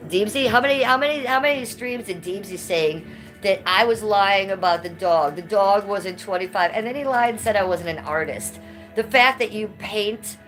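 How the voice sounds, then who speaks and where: Woman streamer, lowish voice, blunt, foul-mouthed, music underneath. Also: fairly bright tone, poor audio. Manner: blunt, combative, swears freely. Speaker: livestreamer. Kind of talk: casual livestream chat. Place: indoors at home, high-ceilinged room.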